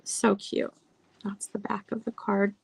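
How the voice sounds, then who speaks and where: A woman's voice: medium pitch, flat delivery, measured pace, creaky, slightly rough. A woman hosting a live sale of vintage items, chatting casually and reading old card verses aloud. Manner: chatty, lingers over details, reads card verses aloud. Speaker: online seller showing vintage items. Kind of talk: casual live sales chat.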